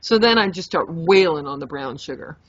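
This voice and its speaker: A young adult woman co-hosting a podcast, telling a story in a lively, animated way, swearing freely and acting out her own reactions. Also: low-pitched, brisk, no echo. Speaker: podcast co-host. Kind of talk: casual storytelling chat. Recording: dull lo-fi podcast mic.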